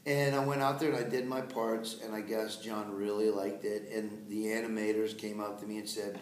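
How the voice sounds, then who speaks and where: A man with a Southern US accent, a voice actor chatting as an interview guest, telling lively stories and slipping into voices. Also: fairly low pitch, moderate pace, hardly any pauses. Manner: lively storyteller, slips into quoted voices. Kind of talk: casual interview chat. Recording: echoey room, faint background noise.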